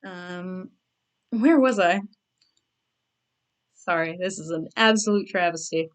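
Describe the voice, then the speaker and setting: A woman's voice: lowish voice, slow. Woman reading her own novel live. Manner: self-mocking asides between narration. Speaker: author.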